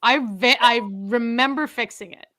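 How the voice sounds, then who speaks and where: Bright-voiced chatty woman host. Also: a little high, a little slow, no room sound. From Canada. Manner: chatty, laughing, animated. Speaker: podcast host. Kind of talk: casual chat among friends.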